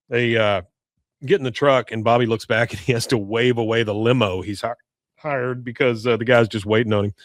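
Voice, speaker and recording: A man's voice: medium pitch, steady tone, a little fast, dry recording. Guy doing a casual podcast recap, mid voice, dead dry close mic, keeps quoting lines and chuckling. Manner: retells scenes, quoting characters with laughs. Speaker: podcast co-host.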